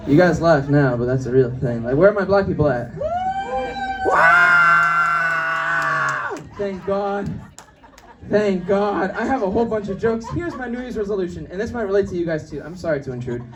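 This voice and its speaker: On a comedy club stage before a live audience, a young stand-up comedian delivers his set in a brash, animated, fast-shifting style, acting out the voices of people in his stories. His voice is high for a man. The very noisy recording picks him up from some distance through the club mic.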